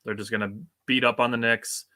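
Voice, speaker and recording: A man's voice: mid-range voice, flat delivery, brisk, sharp tone. A young man from Wisconsin with a Wisconsin accent, co-hosting a casual sports podcast in a chatty, easygoing way. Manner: chatty, laughs easily, puts on silly accents.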